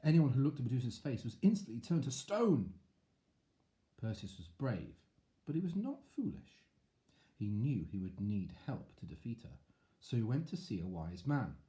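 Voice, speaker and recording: A man's voice: mid-range voice, moderate pace. A man reading a picture book aloud to children, with chatty asides. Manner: animated, chatty asides to young listeners. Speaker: storyteller.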